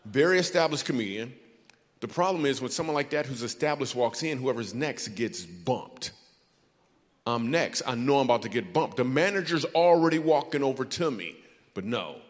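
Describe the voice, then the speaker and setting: A man from Michigan doing stand-up comedy, telling a story with playful asides to the crowd. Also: medium pitch. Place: large theater stage. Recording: hall reverb on a theater stage.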